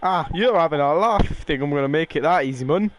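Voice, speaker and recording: A man's voice: high-pitched, normal speed, a little hiss or hum, natural voice. A man reading game lines aloud as a cheeky little male fairy, trying for an accent. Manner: rough attempt at a regional accent, casual reading.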